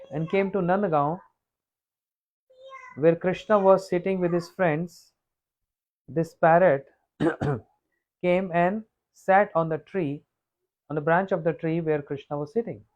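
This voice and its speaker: A man telling a devotional story as a monk, unhurried and repetitive, often clearing his throat. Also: high voice, muffled recording. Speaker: monk giving a scripture talk. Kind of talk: sermon storytelling.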